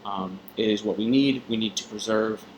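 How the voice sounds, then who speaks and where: Low-voiced man explaining a reading passage. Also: fairly even intonation, normal speed, a little hiss or hum, poor audio. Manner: conversational, frequent fillers and tag questions. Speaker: tutor. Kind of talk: test-prep reading explanation.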